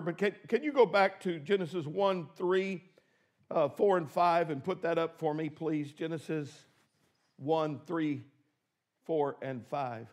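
A man preaching a sermon as pastor, emphatic, swinging between shouted praise and quiet asides. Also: on the high side, a little slow.

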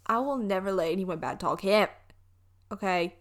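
A young Southern-accented woman from Alabama hosts a casual solo podcast, her mid-range voice at a moderate pace. She rambles chattily through a story, often trailing off and starting over.

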